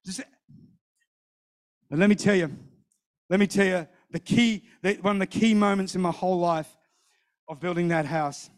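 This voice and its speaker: A middle-aged man preaching a sermon, telling a personal story in an animated way, acting out what others said and repeating phrases. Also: high-pitched, normal speed, pauses often, smooth.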